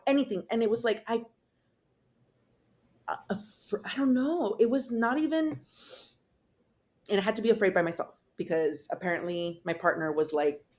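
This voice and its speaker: A woman's voice: a little high, a little mellow. Candid young woman telling a raw story. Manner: candid, casual, swearing, many fillers and restarts. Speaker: podcast guest. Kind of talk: emotional personal storytelling.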